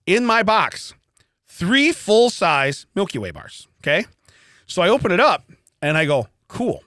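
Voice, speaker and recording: A man's voice: sits high, sing-song, measured pace, pushed and bright, no room sound, clean studio sound. A man co-hosting a podcast, telling a story in casual chat, acting out quotes and laughing often. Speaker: podcast co-host. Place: podcast studio.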